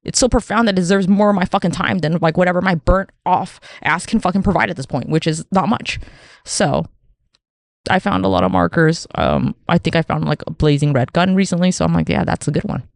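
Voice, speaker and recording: A woman hosting a solo podcast, talking in a rambling, profane, animated way and acting out the voices she quotes. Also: fairly low pitch, a little fast, vocal fry, no echo, clean studio sound. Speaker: podcast host. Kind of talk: casual solo podcast monologue.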